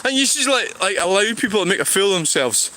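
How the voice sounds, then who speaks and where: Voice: medium pitch, very animated, fast talker, sharp tone, a little hiss or hum. A speaker with a Scottish accent, rambling and sighing through a walking livestream outdoors beside a road. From Scotland. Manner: rambling, sighing, restarts thoughts. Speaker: vlogger.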